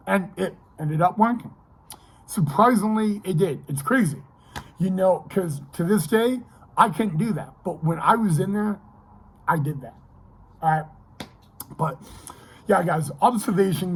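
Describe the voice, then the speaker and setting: A man's voice: high voice, husky, poor audio. A young man vlogging casually, telling a long personal story in a rambling way, repeating himself and checking in with "okay".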